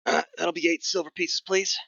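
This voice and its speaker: Man doing a gruff old goblin ticket seller. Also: fairly high pitch, level tone, moderate pace, sharp tone, no room sound, highs cut off, voice pushed up, exaggerated voice. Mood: curt. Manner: curt, stubborn, haggling.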